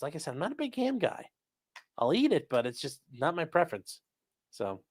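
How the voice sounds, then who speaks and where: This livestream host has a fairly high, fairly bright voice. He reads chat aloud and fires back blunt, sarcastic, profanity-laced asides in casual live commentary.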